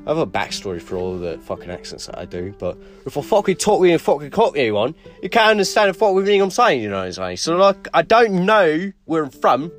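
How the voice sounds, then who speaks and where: A man's voice: on the high side, sing-song, a little fast, few pauses, faint music behind. A young man co-hosting a crude comedy podcast in a put-on English accent, rambling, swearing constantly and laughing a lot. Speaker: podcast co-host.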